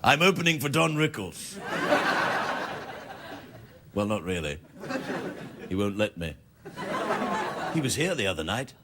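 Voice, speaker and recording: A man voicing a pompous self-styled alien monkey king with a put-on foreign accent, talking in a low, deadpan way. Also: measured pace, long pauses, heavy background noise. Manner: mock-grand, deadpan joking. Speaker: late-night comedy sketch character. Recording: studio with loud audience laughter.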